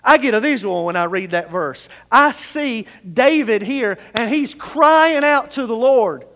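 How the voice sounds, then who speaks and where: A male pastor preaching a sermon, swinging between hushed passages and raised, emphatic calls. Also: very high-pitched, lively intonation, a little slow. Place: church sanctuary. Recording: long hall reverb in a church.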